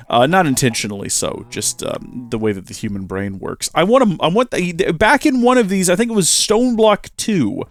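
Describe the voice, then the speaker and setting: A man's voice: medium pitch, dry recording. A man talking casually through his gameplay as host, chatty and self-mocking, often talking to the game's animals and to viewers. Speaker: Minecraft let's-play host.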